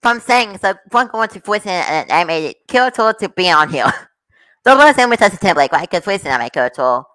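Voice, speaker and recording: A man hosting a reaction video, rambling excitedly and laughing often. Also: high-pitched, brisk, dry recording, poor audio. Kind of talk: casual reaction commentary.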